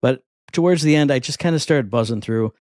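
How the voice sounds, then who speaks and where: A man in his thirties co-hosting a podcast, chatting casually and telling rambling, animated stories. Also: mid-range voice, fairly quick, no echo, studio quality. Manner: rambling, animated storytelling with voiced asides. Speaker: podcast co-host. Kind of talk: casual chat.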